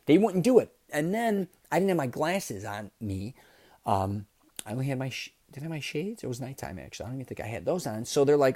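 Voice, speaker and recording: Animated, swearing male podcast host. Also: fast, no room sound, studio quality. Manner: animated, profane, swings between loud outbursts and low asides. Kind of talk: casual storytelling monologue.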